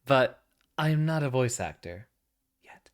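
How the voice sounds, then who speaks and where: A man's voice: on the low side, lively intonation, moderate pace. A man streaming a game, making self-deprecating, muttered asides. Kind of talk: casual game commentary.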